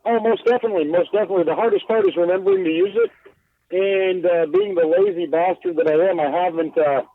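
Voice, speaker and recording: A man speaks casually from inside his bus, loose and self-deprecating, swearing freely and stumbling through filler words. His voice sits on the higher side. The sound is thin and phone-like, dry with no room around it. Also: wildly swooping pitch, fairly quick, vocal fry, no room sound. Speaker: guest glassblower. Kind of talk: casual podcast interview. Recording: tinny phone line.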